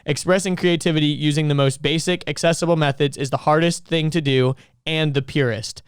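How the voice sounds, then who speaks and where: A man co-hosting a podcast in casual chat, joking around with his co-host and quick to laugh. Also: a little high, steady tone, smooth, no room sound, studio quality.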